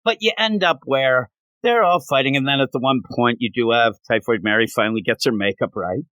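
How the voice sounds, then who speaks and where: A man reviewing comic books in casual chat, animated and acting out quotes in funny voices. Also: mid-range voice, brisk, dry recording.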